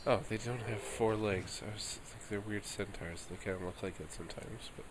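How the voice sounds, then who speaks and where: A man's voice: fairly low pitch, steady tone, moderate pace, noisy background. A man giving casual, offhand commentary while playing a story game, mumbling asides between lines. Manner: offhand, mumbling asides, reads dialogue aloud. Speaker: streamer.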